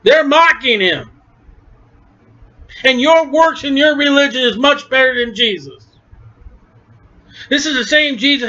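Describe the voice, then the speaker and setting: A male preacher with a high voice delivers a fervent sermon. He swings between low, quiet stretches and shouted peaks. The recording sounds dull and lo-fi. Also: lively intonation, a little slow, pauses often.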